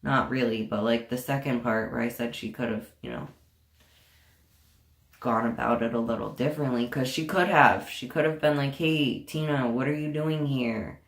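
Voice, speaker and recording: A woman's voice: very deep voice, moderate pace, vocal fry. A young woman telling a storytime vlog in a casual, profane and indignant way, full of sarcasm. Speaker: vlogger. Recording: echoey room.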